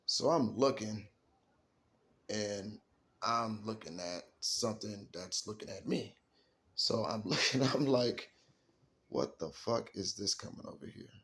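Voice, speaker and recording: A man's voice: fairly low pitch, measured pace, fairly bright tone. A man telling a casual story in a slangy way, often saying "you know what I'm saying". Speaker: storyteller recounting camp trips.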